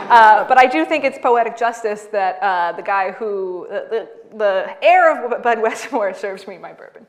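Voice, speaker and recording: A woman's voice: mid-range voice, moderate pace, hardly any pauses, background noise. A woman in her thirties, an author giving a talk at a library and taking audience questions, who tells stories with a laugh and acts out the dialogue. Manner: lively storyteller, laughs a lot, acts out dialogue.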